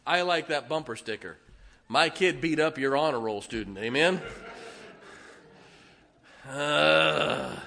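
Preacher guy, kinda high voice, punchy and bright, folksy jokey sermon. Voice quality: folksy, joking, emphatic.

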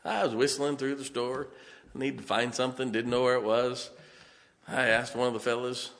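Man, pastor, sermon, folksy storytelling, chuckles often, mid pitch, reverberant hall. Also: flat delivery, normal speed, a bit bright.

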